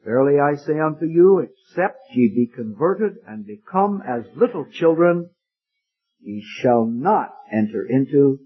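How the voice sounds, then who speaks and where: A man's voice: sits high, slightly rough. A man preaching an emotional sermon, repeating his points and calling the listener "friend". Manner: emphatic, repeating phrases, addresses listener as friend. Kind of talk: evangelistic sermon. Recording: dull lo-fi sermon recording.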